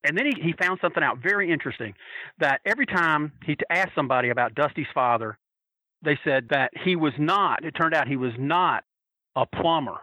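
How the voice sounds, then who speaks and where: A man casually telling a long anecdote, animated and acting out the people he quotes. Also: fairly high pitch, brisk, no room sound, low-quality recording. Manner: animated, acts out quoted voices.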